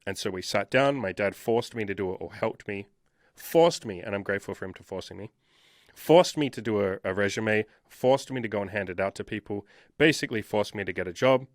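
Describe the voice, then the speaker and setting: A man's voice: on the low side, fairly quick, no room sound, studio quality. A man in his thirties telling his life story as an interview guest, emphatic and swearing freely. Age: 30s.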